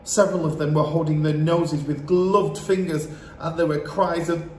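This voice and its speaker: A man's voice: a little high, steady tone, moderate pace, hardly any pauses. A man reading a children's book aloud as storyteller, narrating with dramatic expression. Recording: roomy echo, faint hiss.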